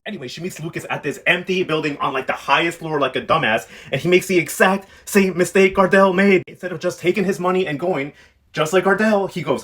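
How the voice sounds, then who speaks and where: A man's voice: on the high side, quick pace, fairly bright tone. A man giving a sassy, slangy, casual recap of a soap opera, talking straight to his viewers. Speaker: telenovela recap vlogger.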